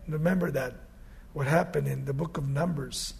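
A male pastor preaching a sermon, swinging from loud, emphatic scripture reading to quiet, conversational asides. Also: medium pitch, a little fast, creaky, breathy edge.

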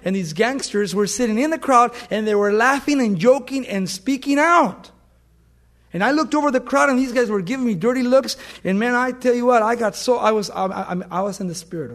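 A middle-aged man preaching a sermon, telling stories and swinging from loud emphatic bursts to soft hushed words. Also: high-pitched. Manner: storytelling with anecdotes, fillers and restarts.

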